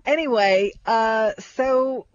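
A woman's voice: fairly high pitch, takes it slowly, no room sound. An older woman chatting casually about food, rambling and restarting her sentences often. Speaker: co-host. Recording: dull lo-fi recording.

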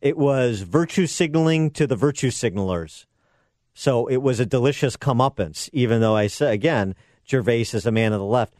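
A man's voice: medium pitch, lively intonation, moderate pace, a little mellow, no echo. A man hosting a political talk radio show, delivering sarcastic and combative commentary into a studio microphone.

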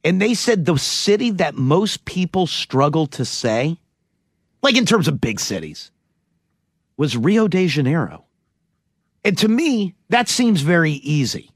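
A man with a high, husky voice hosts a casual chat. He teases his co-hosts and jumps all over his range as he talks. The sound is dry and close. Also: dry recording. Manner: animated, teasing, quick to laugh. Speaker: radio show host.

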